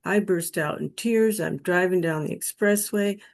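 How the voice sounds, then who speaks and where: Slow-spoken woman sharing a testimony. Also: fairly low pitch, creaky. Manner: slow, earnest, emotional retelling. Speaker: guest telling her near-death experience. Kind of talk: personal testimony storytelling.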